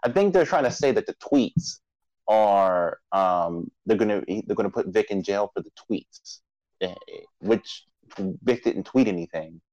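A man's voice: on the low side, lively intonation, unhurried, a little mellow, no echo, muffled recording. A man co-hosting a casual podcast, opening with a mock-grand preacher-style intro before loose, chatty talk. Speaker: podcast co-host.

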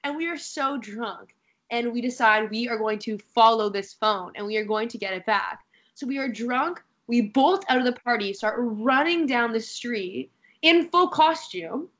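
A woman's voice: fairly high pitch, moderate pace, a bit bright. A young woman co-hosting a casual podcast, telling a story animatedly with lots of fillers. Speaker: podcast co-host.

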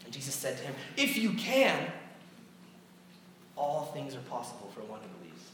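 A man preaching a sermon, lively and dramatic, acting out quotes and correcting himself as he goes. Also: medium pitch, racing. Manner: animated, acts out quotes, self-correcting. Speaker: pastor. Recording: echoey hall, distant mic, faint noise.

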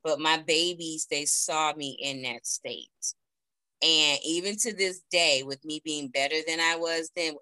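A woman in her thirties talks as an interview guest over a video call, telling her own story. Her voice sits low but has a bright, forceful edge. She speaks in an earnest, heartfelt way with plenty of fillers, and the sound is dry and close. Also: no room sound, rough recording. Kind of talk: personal story in a remote interview.

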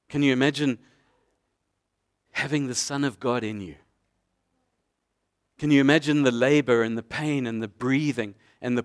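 A man preaching a sermon as a pastor, painting vivid scenes through repeated rhetorical questions. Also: medium pitch.

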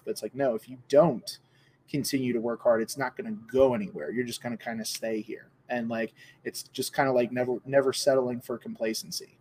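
A man's voice: medium pitch, a little mellow, a little hiss or hum. A man, a podcast guest, chatting casually with a loose, filler-heavy way of talking. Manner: loose, filler-heavy, keeps saying like and you know. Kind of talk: casual chat.

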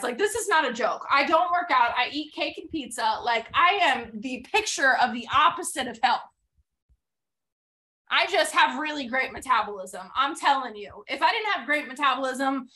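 On her motivational podcast, a host walks listeners through a story at a moderate pace, her high voice sounding bright and forward. She's emphatic and lively, performing the dialogue and repeating lines to drive them home.

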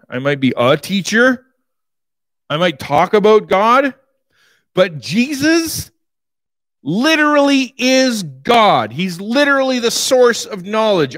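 A man's voice: sits high, sing-song, unhurried, fairly bright tone, dry recording, pitched above the performer's own voice, heavily acted. A man preaching a sermon, speaking as an earnest, humble male prophet in an emphatic first-person paraphrase.

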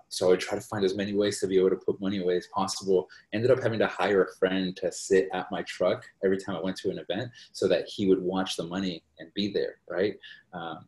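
A man with a fairly low voice shares personal stories as a guest in a relaxed, rambling way. He keeps checking in with a quick "right?" after his points. The recording carries a noticeable roomy echo. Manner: rambling, tags sentences with "right?". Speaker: podcast guest. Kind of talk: casual storytelling conversation.

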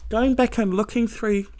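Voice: mid-range voice, darkish tone, no echo. A self-help speaker giving a blunt, heavily profane motivational monologue, earnest and emphatic, with short laughs.

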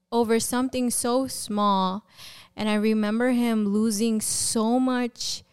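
A young woman speaks as a podcast guest, her voice remarkably smooth and resonant. She tells her own story in a chatty, animated way, often jumping up in pitch to act out what she and others said. Her pitch sits in a middle range. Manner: animated storyteller who acts out quoted dialogue and fills with "like". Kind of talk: personal testimony in a conversational interview.

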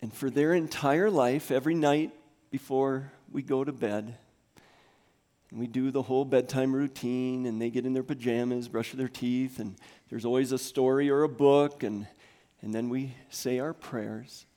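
A man in his thirties preaching a sermon in a church, swinging from soft near-whispers to loud, rising calls. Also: mid-range voice, fairly even intonation, moderate pace. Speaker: pastor. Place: church sanctuary.

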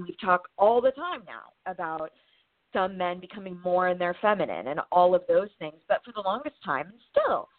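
A woman's voice: lowish voice, no echo. A woman speaking frankly and with energy in a podcast conversation, swearing casually. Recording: dry, thin phone-like sound.

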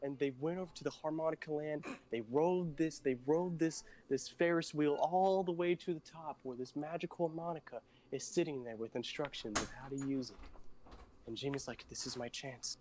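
A man's voice: a little high, fairly quick, a little mellow. A man co-hosting a casual podcast, telling a silly rambling story in a playful way. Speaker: podcast co-host.

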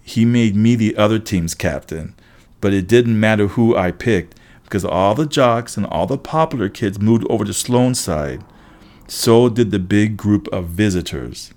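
A man reading a first-person story aloud, wry and lively, switching quickly into voices for the characters. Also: lowish voice. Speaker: audiobook narrator. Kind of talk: first-person audiobook narration.

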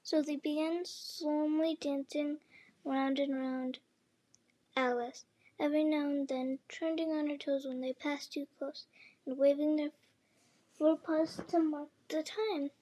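High-voiced woman reading a storybook. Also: fairly even intonation, measured pace, dark tone, poor audio. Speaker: storybook reader.

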